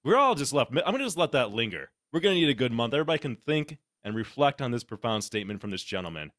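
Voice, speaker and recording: A man's voice: mid-range voice, fast, dry recording, clean studio sound. A man hosting a podcast, ranting sarcastically and swearing in casual chat. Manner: sarcastic, animated ranting with lots of profanity. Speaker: podcast host.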